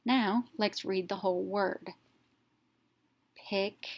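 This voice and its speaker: A fairly low-voiced woman leads a phonics lesson with fairly even intonation. Her pace is slow and deliberate as she pronounces letters one by one, then blends them into a word.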